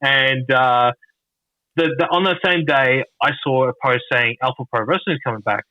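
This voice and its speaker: An Australian man, a podcast guest, telling stories in a rambling, halting way with lots of restarts and swearing. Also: mid-range voice, sharp tone, dry recording. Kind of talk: casual storytelling. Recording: dull lo-fi dry sound.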